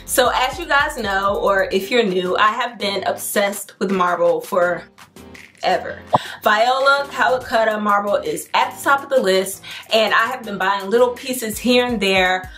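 A young adult woman hosting a home decor vlog, telling a story to camera in an excited, chatty, slangy way. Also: medium pitch, measured pace, faint music behind. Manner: excited, chatty and slangy, addresses viewers as y'all.

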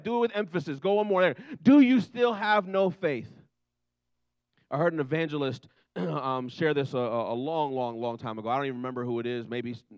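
Guy preaching a sermon, chatty, does voices for the story bits, kinda high voice, dull dry sound. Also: clean tone, no room sound. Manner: conversational, animated, acts out Bible scenes in quoted voices. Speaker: pastor.

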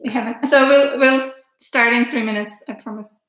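A woman from Russia hosting a casual live-stream chat, excitable and teasing, laughing often. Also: fairly high pitch, normal speed, reverberant, low-quality recording. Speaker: host.

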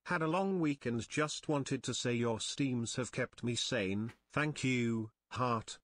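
A man's voice: mid-range voice, slow pace, no echo. A text-to-speech voice of a man reading viewer messages aloud with stiff synthetic delivery. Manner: stiff synthetic delivery, odd phrasing read literally.

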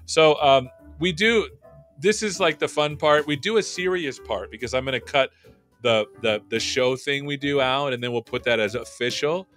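A man hosts a live tech show, chatting playfully and joking with his guest before and during the intro. His mid-range voice has a fairly bright tone and a moderate pace, with soft music in the background.

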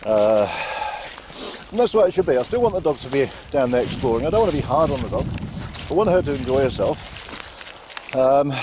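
A man talking calmly while walking his dogs outdoors and explaining how he trains them. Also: mid-range voice, noisy background. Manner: calm, repetitive, calls out to the dog. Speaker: dog trainer. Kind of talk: casual walking commentary. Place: outdoors in fields.

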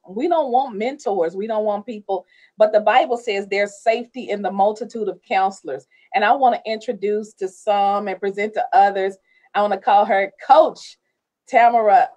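A woman host of a ministry talk show, speaking in a middle pitch. She is effusive and preachy, sprinkling her introductions with amens. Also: darkish tone.

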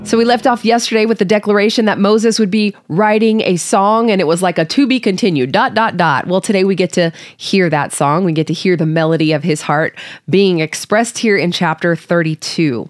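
A woman's voice: medium pitch, no room sound, clean studio sound. A woman from Hawaii hosting a Bible study, reading scripture and explaining it in a heartfelt, conversational way. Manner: warm, earnest, heartfelt and conversational.

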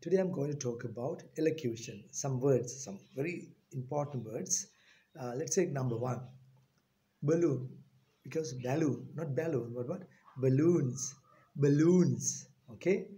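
A man with a Sri Lankan English accent teaching a pronunciation lesson, repeating each word slowly and deliberately. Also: medium pitch, animated, mellow.

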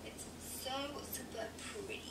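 A woman narrating a makeup tutorial step by step in a relaxed way. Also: unhurried. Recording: echoey, distant playback with loud noise.

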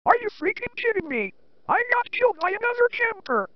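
A woman's voice: very high voice, sing-song, a little hiss or hum. A woman voicing a hot-tempered male hedgehog who rants when angered. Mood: furious. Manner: ranting, quick to blow up. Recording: dry, dull lo-fi home recording.

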